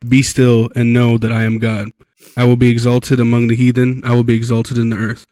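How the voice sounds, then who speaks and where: A man reading scripture aloud in a steady, even delivery. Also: medium pitch, fairly quick, no echo, low-quality recording.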